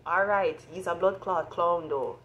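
A woman's voice: on the low side, fairly even intonation, measured pace, lo-fi sound. Jamaican woman, astrology reader, blunt, swearing, ranting, faint background noise. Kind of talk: astrology reading monologue.

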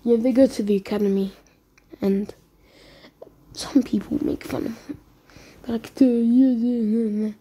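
A woman's voice: mid-range voice, fairly even intonation, measured pace, long pauses, dark tone, a little hiss or hum. A woman improvising a fan-fiction retelling, rambling and stumbling over words, with frequent whispered asides. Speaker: storyteller.

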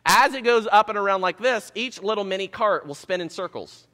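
A pastor delivers a sermon with animated, self-mocking storytelling. His voice sits high and bright. A long reverb from the church hall trails behind each phrase. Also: fairly quick. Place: church sanctuary.

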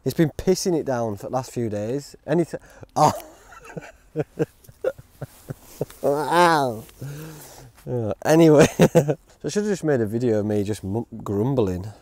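A man's voice: medium pitch, expressive, measured pace, pauses often, a little mellow. A man with a grumbling, rambling and self-mocking manner, chatting casually in the woods as he reviews outdoor gear. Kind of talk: casual vlog chat.

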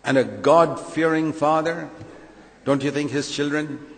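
A man's voice: a little high, steady tone, measured pace, gravelly, big-room sound. A man preaching a sermon emphatically, full of rhetorical questions and acted-out quotes.

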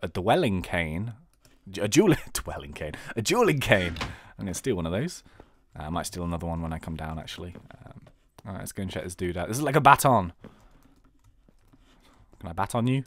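A man's voice: low-pitched, very animated, a little fast, pauses often, a little hiss or hum. Chatty, joking British young man. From Britain. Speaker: game let's-player. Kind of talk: casual gameplay commentary.

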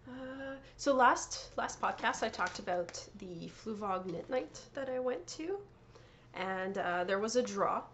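A woman's voice: mid-range voice, animated, measured pace, a bit bright, slight background noise. A woman hosting a knitting podcast, chatting casually and showing off her yarn and prizes, often correcting herself and laughing. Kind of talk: casual show-and-tell chat.

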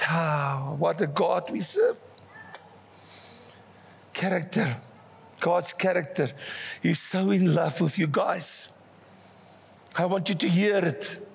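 An older man with a South African accent preaching a passionate sermon, swinging between rising cries and hushed asides, in a church. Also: on the high side, slow, gravelly, long pauses, slightly rough. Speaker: pastor. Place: church hall. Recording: church hall reverb.

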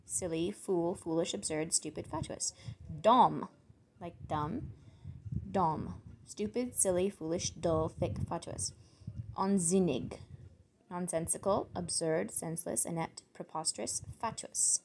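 A woman's voice: lowish voice, a little slow, vocal fry, a little mellow, a little hiss or hum. A woman reading out foreign words and their meanings, thinking aloud and sounding them out as she goes. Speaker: word channel host. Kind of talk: solo vocabulary reading.

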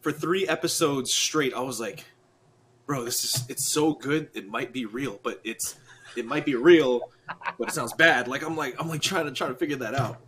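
A man's voice: mid-range voice, normal speed, a bit bright, a little hiss or hum. A man hosting a podcast, talking casually in slang with many stumbling restarts. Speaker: podcast host.

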